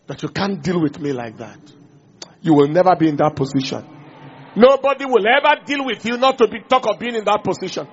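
A man preaching a sermon in an animated way, acting out small dialogues and asking the congregation questions. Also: sits high, creaky, lo-fi sound, a little hiss or hum. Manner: animated, acts out little dialogues, asks the audience questions.

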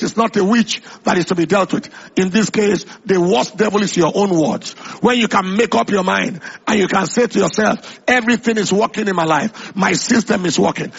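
A man's voice: sits high, vocal fry, husky, highs cut off. A man preaching a sermon with an emphatic, repetitive cadence, quoting scripture at length.

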